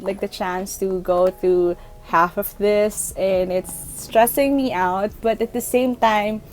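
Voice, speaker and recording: A woman's voice: medium pitch, rough recording. Chatty young woman vlogging her reading. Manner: chatty, self-deprecating, animated. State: sniffly from allergies. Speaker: book vlogger. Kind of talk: casual reading vlog updates.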